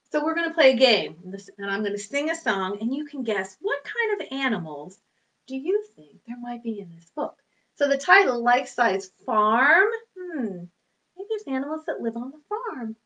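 A woman librarian leading a children's storytime, singing, counting and making animal sounds in an animated sing-song way. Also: a little high. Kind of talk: children's storytime lesson with songs. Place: home or library room, recorded for video.

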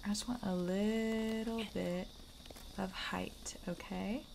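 A woman of middle pitch chats to herself as she plays a game live, swearing freely. Her talk is slow and unhurried. A clear hum of background noise sits under her voice. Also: steady tone. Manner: chatty, swearing, talks to herself. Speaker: streamer playing a video game. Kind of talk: casual live-stream commentary.

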